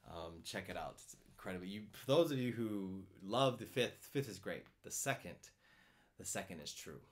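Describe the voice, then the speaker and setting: A man's voice: deep voice, animated, moderate pace. A man hosting a cello live stream, chatting casually, reading out viewer comments and answering them, often repeating his words as he thinks aloud. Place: home in France.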